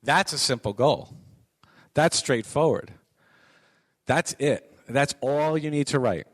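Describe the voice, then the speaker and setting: A man's voice: medium pitch, slow, no echo. A middle-aged man giving a conversational lecture to college students, repeating his points for emphasis. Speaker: guest speaker on business writing.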